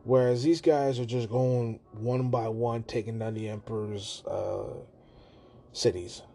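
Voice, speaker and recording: A man's voice: medium pitch, a little slow, gravelly, slightly rough. Profane man ranting about a movie. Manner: profane, animated retelling with put-on quoted voices. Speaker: podcast host. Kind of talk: casual movie rant.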